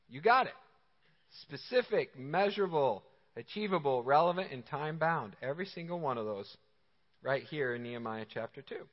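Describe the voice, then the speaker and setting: A man preaching a sermon with energetic, emphatic, conversational delivery. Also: a little high, normal speed. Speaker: pastor. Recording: reverberant hall, slightly dull sound.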